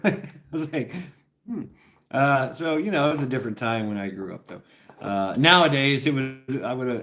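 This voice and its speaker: A man's voice: mid-range voice, a bit bright, a little hiss or hum. A middle-aged man livestreaming in a casual, rambling chat. He laughs often and swears freely.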